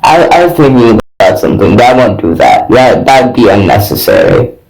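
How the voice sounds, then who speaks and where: A man's voice: medium pitch, wildly swooping pitch, fairly quick, creaky, darkish tone, rough recording. A man playing a tabletop role-playing game, speaking tentatively and second-guessing himself. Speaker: player. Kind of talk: casual tabletop role-play.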